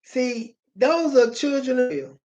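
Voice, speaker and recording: A preacher delivering an emphatic, pleading sermon, reading scripture aloud with repeated phrases and bursts of shouting. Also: sits high, big pitch swings, a little slow, highs cut off.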